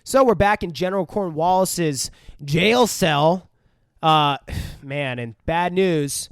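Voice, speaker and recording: A young man with a slightly high voice rambles through a film recap on a podcast, swearing freely and laughing as he goes. The sound is close and dry, with no room around it. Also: lively intonation, slow, clean tone, no room sound. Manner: rambling, profane, laughs often. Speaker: podcast co-host. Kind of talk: casual film review chat.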